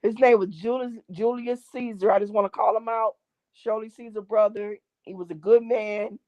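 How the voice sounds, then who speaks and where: A woman, a guest gospel artist, telling a long story in an animated way and acting out the voices in it. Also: mid-range voice, normal speed, no room sound, lo-fi sound. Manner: lively, acts out voices in her stories.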